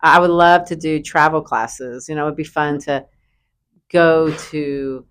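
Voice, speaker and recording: A woman with a slightly low voice, chatting casually about teaching. She talks in an animated way, with frequent restarts, and laughs easily. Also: measured pace. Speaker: high school English teacher. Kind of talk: casual interview chat.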